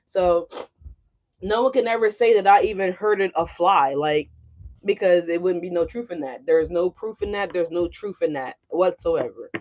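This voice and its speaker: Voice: medium pitch, moderate pace. A tarot reader in casual livestream chat, blunt and profane, ranting and constantly checking in with the audience. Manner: blunt and profane, with frequent "you know what I'm saying"; ranting, with swings of loudness.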